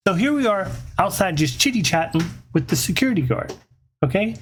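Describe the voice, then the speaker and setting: Young guy, storytime, slightly high voice, animated, casual cursing. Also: fairly quick, a little hiss or hum. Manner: animated, acts out quotes, swears casually.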